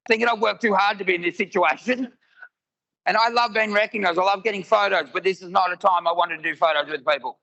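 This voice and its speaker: A man's voice: high voice, creaky, pushed and bright, lo-fi sound. A man, telling stories in a live stand-up routine and acting out both sides of the dialogue. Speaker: stand-up comedian. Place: live comedy venue with audience.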